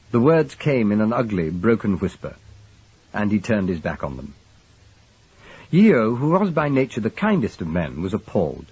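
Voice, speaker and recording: A man reads a detective novel aloud in a measured, expressive way. His voice is low and husky, with lively rises and falls in pitch. The recording is dull and lo-fi. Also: no echo. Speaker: narrator. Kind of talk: scripted audiobook narration.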